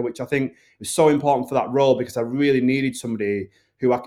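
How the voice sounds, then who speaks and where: Northern English man, film director guest, earnest and rambling, mid-pitched everyday voice. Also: fast, few pauses, a little mellow. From Northern England. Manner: earnest, rambling, filler-heavy. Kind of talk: casual interview talk.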